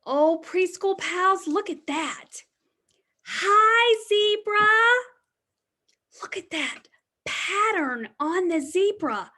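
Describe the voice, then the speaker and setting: A woman reading a picture book aloud to young children as their preschool teacher, animated and sing-song, often dropping to a hushed whisper. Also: very high voice, very slow.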